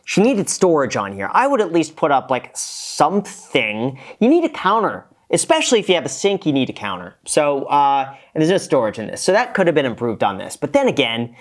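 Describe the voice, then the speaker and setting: A man's voice: on the high side, sing-song, a little fast, few pauses. A man hosting a casual reaction show, a former real estate agent who gives frank, cost-minded critiques of a home tour.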